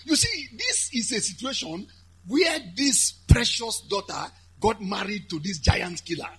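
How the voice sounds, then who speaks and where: A man with a Nigerian accent preaching a lively sermon, building to shouted, chanted high points. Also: a little slow, slightly rough. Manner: animated, shouting and chanting at peaks.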